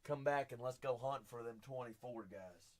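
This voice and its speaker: A man hosting a live-streamed card break, chatting with viewers by name, teasing them, and breaking into hype shouts as he talks through teams while standing. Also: mid-range voice, moderate pace. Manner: hype-driven, bursts into shouts. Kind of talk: live-stream auction patter.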